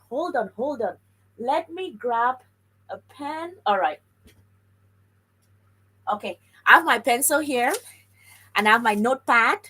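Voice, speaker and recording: Chatty breathy woman hosting a live stream. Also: on the high side, low-quality recording. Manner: chatty, animated, talks straight to viewers and reads comments aloud. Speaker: livestream host on scholarships. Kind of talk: casual live-stream chat.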